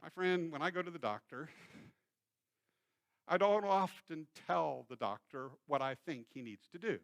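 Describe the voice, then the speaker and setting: A man, a pastor, preaching a sermon in a church and telling a story in an animated way. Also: a little high, normal speed, vocal fry. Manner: storytelling, acts out quoted voices. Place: church sanctuary.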